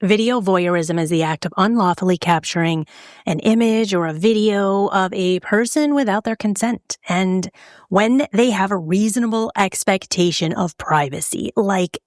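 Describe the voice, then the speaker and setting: A woman's voice: mid-range voice, moderate pace, dry recording, clean studio sound. A woman hosting a true crime podcast, talking casually and joking, with frequent laughs. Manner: chatty and joking, laughs often.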